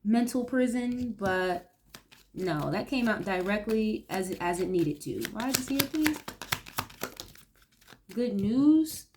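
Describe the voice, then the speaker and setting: Against a noisy background, a young woman reads tarot casually in an animated, mid-range voice, speaking slowly with long pauses. She's blunt, curses freely, and reacts aloud to every card.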